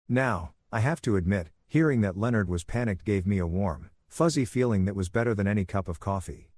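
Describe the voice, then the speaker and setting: Calm low-voiced man narrating. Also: fairly quick, few pauses, no echo, clean studio sound. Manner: calm, even, soothing delivery. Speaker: storyteller. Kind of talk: scripted first-person narration.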